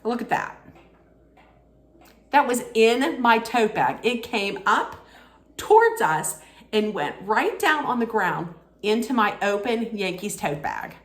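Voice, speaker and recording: A woman vlogger telling a casual story, animated and excitable, laughing often. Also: on the high side, slow pace, long pauses, roomy sound.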